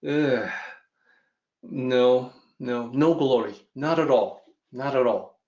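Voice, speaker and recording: A man's voice: mid-range voice, slow pace, a little mellow, lightly acted. A man voicing a curious, indignant young lion cub who asks pleading questions, in a teaching story. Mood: conceding. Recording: roomy, dull lo-fi audio.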